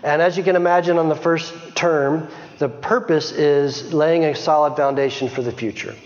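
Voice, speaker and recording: The muffled recording carries a big hall's long echo as a middle-aged missionary chats informally to a church at a moderate pace. His voice sits a bit high for a man, and he keeps restarting sentences amid small laughs.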